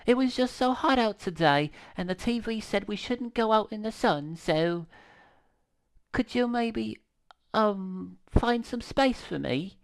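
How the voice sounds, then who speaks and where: A shy, stammering young woman pleads softly for a place to stay, voiced by a man reading game lines aloud. Her pitch sits raised and high for the reader and wanders up and down, full of apologetic pauses. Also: animated. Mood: pleading. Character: timid young woman drifter, pleading for shelter.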